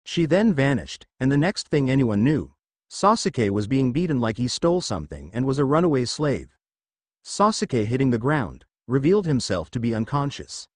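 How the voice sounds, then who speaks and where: A man reading fanfiction aloud as a narrator, in a steady read-aloud delivery. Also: medium pitch, dry recording, clean studio sound.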